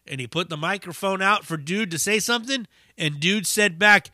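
A man hosting a podcast, telling a story in a casual, profane, animated way. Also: sits high, moderate pace, no room sound, studio quality. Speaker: podcast host.

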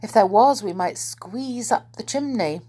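A woman's voice: fairly high pitch, expressive, unhurried, mellow, slightly rough, pitched above the performer's own voice. A woman reading aloud, voicing a jolly, round-faced magical man in a storybook. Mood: eager.

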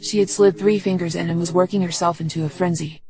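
A woman giving steady, unhurried first-person audiobook narration. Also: fairly low pitch, crowd noise, low-quality recording.

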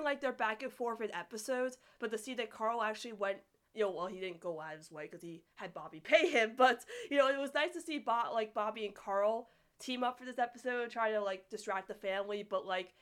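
Animated young woman ranting casually. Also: a little high, a little fast. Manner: animated, exasperated ranting with frequent "like". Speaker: podcast co-host reviewing a cartoon. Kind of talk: casual chat.

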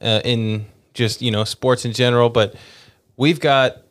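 A man's voice: medium pitch, fairly even intonation, a little slow, no room sound. A young man co-hosting a podcast, telling stories in a rambling, laid-back way with many restarts. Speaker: podcast co-host. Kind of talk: casual chat.

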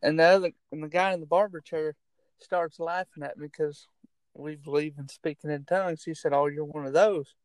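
A man's voice: a little high, steady tone, moderate pace, clear, resonant tone, dry recording. A man who is a minister and a barber, earnestly telling stories in a casual chat. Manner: earnest, laughs often. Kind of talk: casual storytelling.

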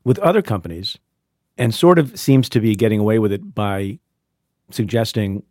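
A man's voice: lowish voice, lively intonation, normal speed, darkish tone, no echo. A man hosting a studio interview podcast, reading an ad and then questioning his guest with wry humor. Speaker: podcast host. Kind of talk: interview with ad read.

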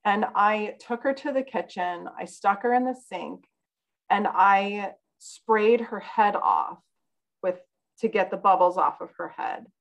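A woman's voice: mid-range voice, measured pace, gravelly, low-quality recording. A woman guest on a podcast, telling a personal story in an earnest, candid way. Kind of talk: casual conversation, personal storytelling.

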